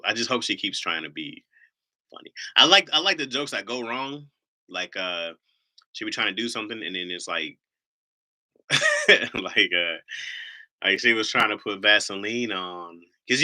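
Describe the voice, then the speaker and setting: A man's voice: deep voice, sharp tone. A man hosting a casual livestream, a rambling storyteller who laughs often. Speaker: livestream host.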